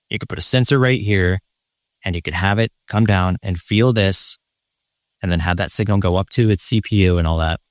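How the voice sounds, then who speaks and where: A man's voice: fairly low pitch, dry recording, studio quality. A man host delivering a profane, combative and sarcastic rant to his viewers. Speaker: channel host. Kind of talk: ranting monologue.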